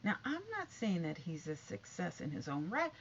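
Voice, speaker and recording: A woman's voice: fairly low pitch, big pitch swings, normal speed, dull audio, slight background noise. A woman vlogging casual celebrity gossip in a chatty, catty way, full of asides and repeated no's.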